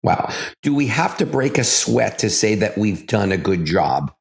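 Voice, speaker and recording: A man's voice: fairly low pitch, sing-song, a little slow, vocal fry. A man hosting a health show, chatting with his guest in a friendly way, agreeing with her and asking questions. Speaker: doctor, show host. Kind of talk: casual interview talk.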